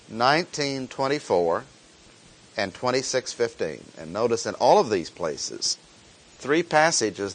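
A man teaching a sermon, reading scripture verses and explaining them in a slow, deliberate way, repeating key phrases for emphasis. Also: lowish voice. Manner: reads scripture aloud, then explains it plainly. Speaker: preacher.

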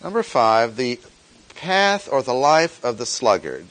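A man teaching a sermon, reading scripture verses and explaining them in a slow, deliberate way, repeating key phrases for emphasis. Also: medium pitch, very animated, a bit bright. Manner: reads scripture aloud, then explains it plainly. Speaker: preacher.

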